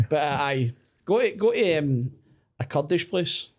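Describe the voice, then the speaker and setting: A man's voice: fairly high pitch, sing-song, unhurried, a little mellow. A Scottish man chatting casually on a podcast, joking and teasing with lots of swearing. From Scotland. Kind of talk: casual chat.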